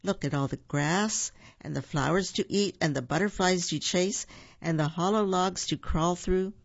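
A reader voicing a kind, bouncy female squirrel in a storybook, in a raised, eager and caring voice, gravelly, on a dull, dry recording. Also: medium pitch, moderate pace, dry recording.

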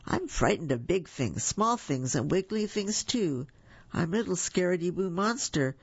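A woman voicing a timid, nervous little male monster in a storybook reading, with a husky voice. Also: fairly low pitch, expressive, normal speed, no room sound, dull audio. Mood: frightened.

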